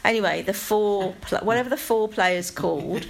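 A woman with a London accent, co-hosting a casual chat about television, rambling with animated asides. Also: medium pitch, moderate pace, creaky, slight background noise. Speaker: podcast co-host.

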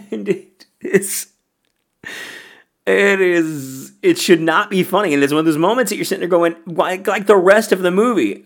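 A man's voice: high-pitched, measured pace. A man hosting a podcast and chatting casually about films he loves, often breaking into laughter as he talks. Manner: laughs often while talking. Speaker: podcast host. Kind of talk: casual film review chat.

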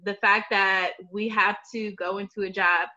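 A thoughtful woman guest in a casual podcast conversation, measured as she works through her points. Her voice is bright, and the audio is muffled and lo-fi. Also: mid-range voice, flat delivery. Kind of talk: casual chat. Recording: dull lo-fi audio.

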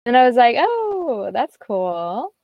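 A teenage girl recounting a story in loose, rambling chat, piling up fillers and acted-out quotes. Her voice sits in an ordinary middle pitch. The sound is dry and close, with almost no room around it. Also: moderate pace, no room sound, dull audio. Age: teens. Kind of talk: casual chat.

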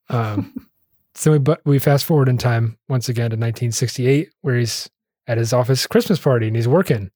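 A man in casual chat, retelling a movie plot with frequent laughs and quick acted-out lines. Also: medium pitch, mellow, no room sound, clean studio sound. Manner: laughs often, acts out characters' lines. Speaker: podcast co-host summarizing a film.

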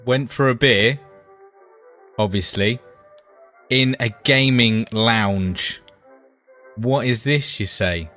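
A man co-hosting a podcast, telling a story in a casual, animated way and swearing freely. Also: medium pitch, slow, long pauses, soft background music. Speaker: podcast co-host. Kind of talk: casual chat.

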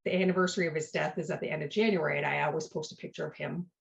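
A woman's voice: sits low, fairly even intonation, very fast, creaky. A woman hosting a podcast, telling personal stories in a casual, heartfelt way and often checking in with "right?". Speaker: podcast host. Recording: dull lo-fi sound.

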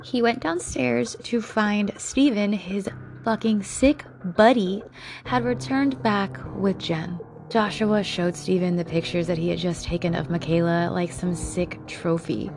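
A woman at an ordinary pitch narrates a true-crime podcast in a blunt, emotional way, cursing often. Faint music plays underneath her voice. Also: measured pace. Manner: emotional, blunt, swears freely. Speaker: podcast host.

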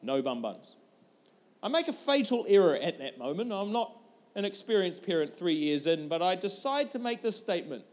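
Brief: man, thirties, pastor, lively comic storyteller. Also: high voice, normal speed. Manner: animated, humorous storytelling. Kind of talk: sermon.

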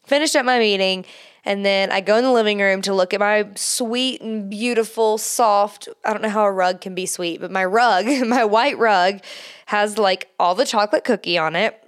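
Woman host chatting away, smooth clear voice, medium pitch, lots of "like". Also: normal speed. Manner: rambling storytelling, heavy on "like"; laughs while she talks. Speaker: podcast host. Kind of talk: casual chat.

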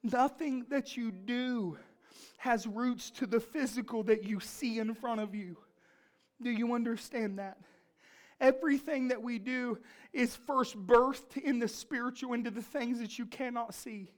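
Storytelling woman preacher, higher voice. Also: a little slow. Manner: storytelling, emphatic, builds to fervent pleading. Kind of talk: sermon.

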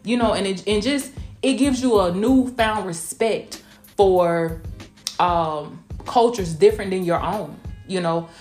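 A woman's voice: medium pitch, measured pace, darkish tone. A woman from small-town Georgia with a rural Southwest Georgia accent, hosting a casual motivational podcast in a folksy, emphatic way, calling listeners honey and y'all. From Blakely, Georgia, US. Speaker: podcast host. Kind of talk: casual motivational podcast chat, also streamed live. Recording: roomy echo with faint music behind.

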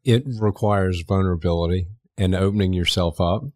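A middle-aged man from Canada, a former mayor, talking earnestly as a podcast guest, halting and restarting his sentences. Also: deep voice, steady tone, a little mellow, no room sound, clean studio sound. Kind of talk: conversational interview.

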